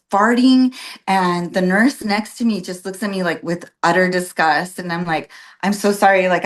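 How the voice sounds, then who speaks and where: A woman with a fairly low voice tells her story in relaxed, rambling chat. She fills her talk with "like" and "um" and acts out the voices of the people she quotes. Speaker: podcast guest, birth worker. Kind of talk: casual personal storytelling.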